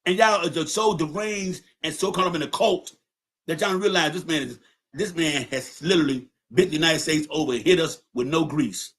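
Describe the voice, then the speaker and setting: This podcast host's voice is on the high side, fairly quick and a bit bright, as he rants angrily and with profanity on his livestream. He's confrontational and keeps repeating points to stress them.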